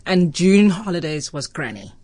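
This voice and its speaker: A South African woman radio host telling a story in an animated way, acting out the voices in it and laughing often. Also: fairly low pitch, normal speed, breathy edge, no echo.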